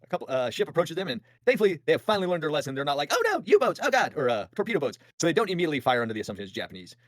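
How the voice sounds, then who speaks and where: A man hosting a casual podcast, spinning a history yarn with quick, jokey asides. His pitch jumps around a lot as he talks at a rapid clip. The sound is dry and close. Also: no room sound. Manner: fast, animated, jokey retelling with voiced asides. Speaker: podcast host.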